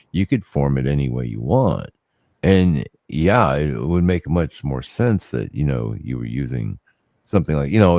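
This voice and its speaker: A man's voice: a bass voice, vocal fry, dark tone, no echo, studio quality. A man co-hosting a podcast, rambling through a theory with many fillers and restarts. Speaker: podcast co-host. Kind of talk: casual chat.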